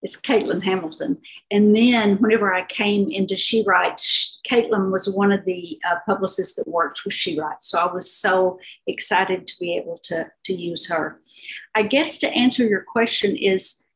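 A woman's voice: mid-range voice, moderate pace, fairly bright tone, rough recording. A woman author over fifty, talking unhurriedly about her novel in an interview, with fillers and restarts. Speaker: author guest.

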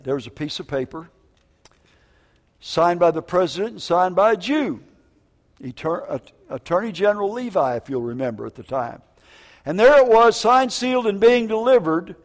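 An older man preaching a sermon as a prison minister, telling stories in an animated, jokey way with stammered restarts. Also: a little high. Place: church. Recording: reverberant church hall.

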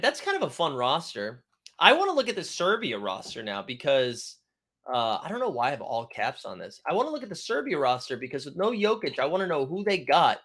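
A man's voice: fairly high pitch, a bit bright. A young man hosting a casual live-stream chat, rambling with jokey, self-mocking asides. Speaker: podcast host.

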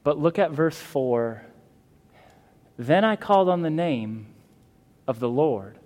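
An earnest male pastor preaching with a fairly high voice, pressing his points and restarting phrases as he goes. His sermon rings with a long reverb in the church hall. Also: expressive, a little slow, darkish tone. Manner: earnest, emphatic, with fillers and restarts.

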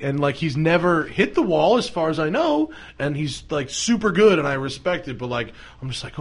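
A man's voice: a little high, sing-song, moderate pace, hardly any pauses. A man hosting a podcast, chatting in a laid-back way and swearing freely. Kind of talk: casual chat.

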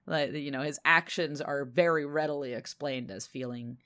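A woman's voice: sits low, moderate pace. Chatty woman co-hosting a book podcast. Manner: chatty, animated retelling with swearing. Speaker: podcast co-host. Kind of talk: casual book discussion.

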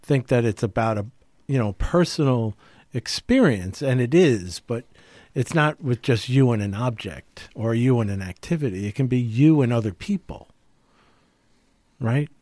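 A man's voice: medium pitch, lively intonation, moderate pace, a little mellow, dry recording. A man co-hosting a casual podcast, musing aloud with many fillers and rhetorical questions. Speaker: podcast co-host.

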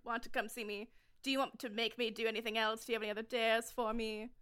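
A woman's voice: a little high, level tone, fast talker, a bit bright, clear, resonant tone. A woman playing a tabletop game, cheeky and flirty in character. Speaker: player.

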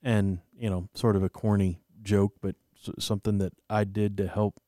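A man's voice: fairly low pitch, flat delivery, moderate pace, warm tone, no room sound, studio quality. A man co-hosting a faith podcast, rambling and self-deprecating, full of fillers as he tells a story. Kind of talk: casual faith chat.

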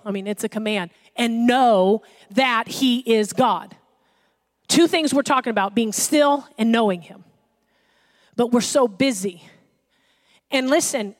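A woman pastor delivers a sermon, lively and animated, acting out the voices of the people she quotes. Her voice sits high for a woman.

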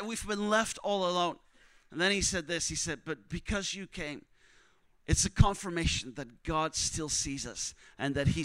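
A young man preaching, telling a missionary story with strong emotion, often dropping to a hush for other people's words. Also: high-pitched, no room sound. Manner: emotional, quotes others in hushed voices. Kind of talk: sermon storytelling.

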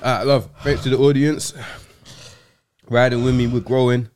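Slangy young podcast host. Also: male voice, medium pitch, fairly even intonation, moderate pace, darkish tone, slight background noise. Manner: laid-back, slangy, wrapping up the show. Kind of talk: casual chat.

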